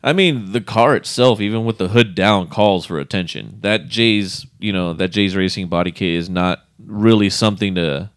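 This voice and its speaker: Laid-back man for casual car talk, deep-ish clean voice, dry close recording. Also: moderate pace, hardly any pauses, no room sound. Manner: laid-back, laughs often, swears casually. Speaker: co-host. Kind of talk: casual chat.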